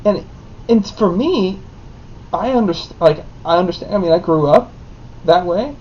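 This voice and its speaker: A young married man, the son of his co-host, telling a story in an animated way with lots of "like". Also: high voice, measured pace. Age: young adult. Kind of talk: casual storytelling. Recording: dull lo-fi with faint noise.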